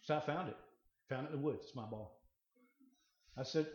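A man preaching a sermon, moving from quiet storytelling to loud proclamation. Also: mid-range voice, moderate pace. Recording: echoey room, slightly muffled.

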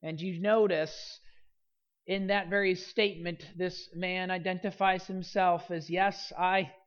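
Preacher working through a Gospel passage with earnest, building emphasis, mid pitch, muffled lo-fi audio. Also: little pitch movement, measured pace. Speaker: pastor. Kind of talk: sermon.

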